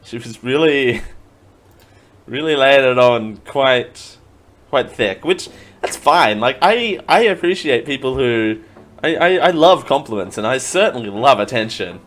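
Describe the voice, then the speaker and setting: Rambling Australian podcast host. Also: male voice, mid-range voice, lively intonation, measured pace, fairly bright tone. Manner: rambling, self-mocking, many restarts. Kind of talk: casual live-show chat.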